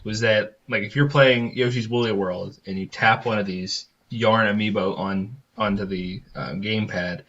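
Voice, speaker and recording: Low-voiced man on a muffled call line. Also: fairly even intonation, normal speed, few pauses, fairly bright tone. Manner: amused storyteller, stumbling restarts. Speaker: podcast co-host. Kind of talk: casual gaming podcast chat. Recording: dull lo-fi call audio.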